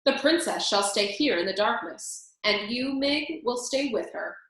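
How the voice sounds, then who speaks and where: A woman's voice: fairly high pitch, expressive, unhurried, fairly bright tone. Storybook villain: haughty, cold male rat, read by a woman, echoey room.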